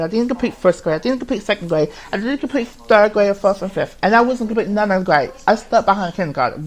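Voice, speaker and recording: A man hosting his own podcast, telling his story in a confessional monologue, rambling and halting with many restarts, heavy swearing and an agitated, emotional manner. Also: sits high, rough recording. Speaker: podcast host.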